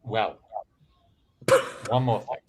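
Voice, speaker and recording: A man's voice: fairly low pitch, drawn-out words, a little mellow. A man hosting an online improv comedy livestream, chatting casually and reading out viewer donations.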